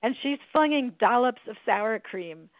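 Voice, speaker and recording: A woman hosting a podcast, telling funny stories in a lively way and laughing as she goes. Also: on the high side, measured pace, dry recording. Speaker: podcast host. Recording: phone-like, dry sound.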